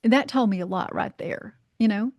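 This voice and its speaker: A woman's voice: mid-range voice, brisk, dry recording. Storytelling woman from North Carolina, dry sound. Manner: lively anecdote-telling, acts out quoted voices, frequent "you know", swears freely. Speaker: guest, life coach. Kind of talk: casual storytelling in a podcast interview.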